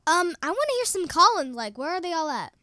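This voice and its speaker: High, lively woman co-host. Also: fast, dry recording. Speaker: podcast co-host. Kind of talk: playful podcast banter.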